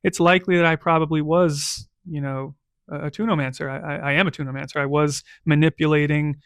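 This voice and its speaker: A man voicing a proud, formal veteran soldier-knight who speaks haltingly. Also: on the high side, little pitch movement, clear, resonant tone, no room sound, clean studio sound, close to an everyday voice. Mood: reluctant.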